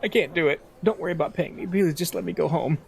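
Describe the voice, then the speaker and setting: A man's voice: fast talker, gravelly, darkish tone, breathy edge, full character voice. A man voicing a shy, tearful young woman reporter who pleads and sobs as he reads a visual novel aloud. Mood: whiny. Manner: sobbing, pleading, high-pitched.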